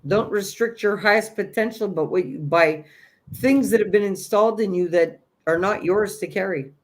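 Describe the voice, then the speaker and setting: A man's voice: high-pitched, moderate pace. An earnest man with a slightly raised voice speaks as the host of a spiritual livestream. He gives a motivational self-help talk, encouraging and insistent, repeating his key phrases.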